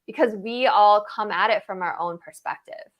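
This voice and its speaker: A woman's voice: medium pitch, normal speed, highs cut off. Woman coach, interview guest, mid voice, emphatic, repeats her points in lists. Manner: emphatic, lists points in rhythmic repetition, tags "right?". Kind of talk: casual interview talk.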